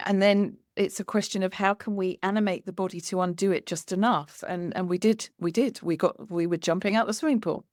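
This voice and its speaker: A woman hosting a conversation, telling a lively anecdote and acting out the dialogue as she goes. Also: mid-range voice, a little fast, few pauses, dry recording, clean studio sound. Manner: animated, acts out quoted dialogue with laughter. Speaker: podcast host. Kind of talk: storytelling in conversation.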